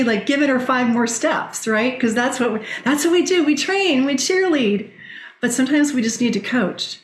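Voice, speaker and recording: Middle-aged woman guest, lively storyteller, quotes others, roomy echo. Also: on the high side. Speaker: guest, direct selling leader. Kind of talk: conversational podcast interview.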